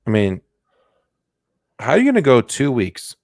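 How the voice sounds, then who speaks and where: Man, podcast co-host, casual comedic chat, goofy, mid pitch, dry sound. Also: normal speed, creaky, no echo. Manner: jokey, goofy, animated bursts.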